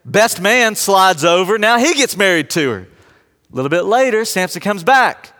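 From the pulpit, a high-voiced pastor animatedly recounts an old story at a normal speed, doing small voices for the characters and trading jokes with the congregation. The big sanctuary gives his voice a long, ringing reverb.

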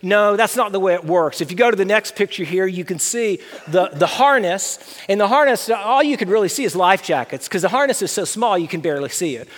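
A middle-aged man telling a personal story to an audience, animated and self-deprecating. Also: high-pitched, a little fast. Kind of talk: storytelling talk with slides. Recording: long hall reverb.

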